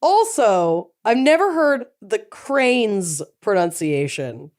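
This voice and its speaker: A woman co-hosting a casual podcast who muses aloud in drawn-out reactions. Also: mid-range voice, sing-song, darkish tone. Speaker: podcast co-host. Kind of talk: casual chat.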